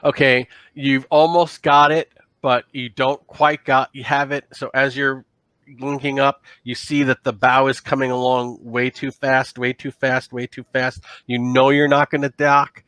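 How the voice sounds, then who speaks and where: Brief: male game master, bright and dry close-mic sound, loose rambling narration. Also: mid-range voice, little pitch movement, measured pace, clear, resonant tone, no room sound. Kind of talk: narrating a tabletop role-playing game.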